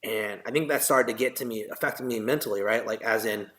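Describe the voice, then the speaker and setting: A man's voice: on the low side, fairly quick, fairly bright tone. Earnest man telling his story. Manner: earnest, reflective, heavy with fillers and tag questions. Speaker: military veteran podcast guest. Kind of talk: personal storytelling in a podcast interview.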